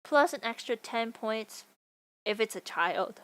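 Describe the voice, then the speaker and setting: A woman's voice: fairly high pitch, animated, slow pace, a bit bright. A young woman livestreaming, chatting casually to her viewers in a playful, goofy way with frequent laughter. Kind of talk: casual stream chat.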